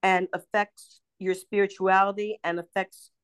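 A woman's voice: mid-range voice, flat delivery, unhurried, smooth. An older woman with a Baltimore accent, chatting casually with her son and telling rambling stories full of restarts and laughs. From Baltimore area. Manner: rambling storyteller, laughs often, many restarts. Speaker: podcast co-host, mother. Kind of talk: casual family chat.

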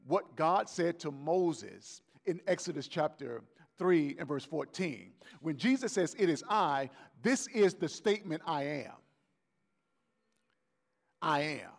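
Male pastor, gravelly and slightly high, conversational sermon that slips into acted-out voices. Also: very animated, slow. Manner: conversational preaching, acts out voices of biblical figures.

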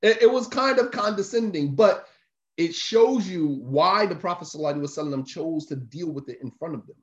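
Fairly quick and on the high side, this male voice belongs to a religious teacher delivering a casual sermon. He emphatically repeats his points in a conversational preaching style, heard through a dull, roomy lo-fi recording.

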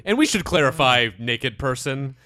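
Podcast host guy, bright punchy voice, dry jokey delivery, kinda tired and loopy. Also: mid-range voice, lively intonation, normal speed, no room sound. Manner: dry, joking, mock radio-announcer delivery at times. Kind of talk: casual podcast chat.

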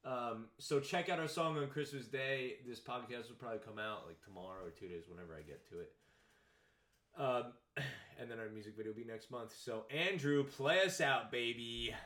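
A young man co-hosting a podcast, talking in a crude, animated, joking way. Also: mid-range voice, brisk. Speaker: podcast co-host. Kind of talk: casual chat.

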